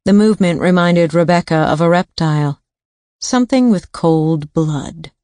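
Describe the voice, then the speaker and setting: A woman reading a thriller audiobook in a steady, even narration on a studio mic. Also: lowish voice, normal speed, no room sound.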